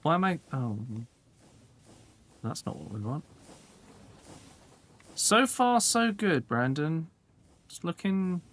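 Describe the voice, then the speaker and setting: A man streaming a building game, talking casually and thinking aloud to himself as he works. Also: medium pitch. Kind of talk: casual live game commentary.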